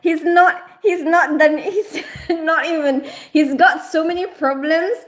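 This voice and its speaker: A woman's voice: very high-pitched, fairly even intonation, takes it slowly. A middle-aged woman hosting a casual live stream, reading the chat, laughing often and playfully scolding a viewer. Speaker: livestream host reading chat.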